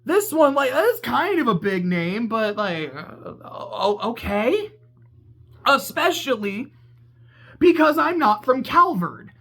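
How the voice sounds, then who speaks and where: A game reviewer ranting in a casual video essay, excitable and profane, rambling and laughing at their own tangents. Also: mid-range voice, takes it slowly. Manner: laughs mid-sentence and corrects itself.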